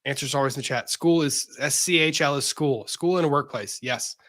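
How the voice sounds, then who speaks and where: A man's voice: mid-range voice, moderate pace, fairly bright tone. A man hosting a casual livestream, chatting and reading viewer messages aloud. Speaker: livestream host reading super chats.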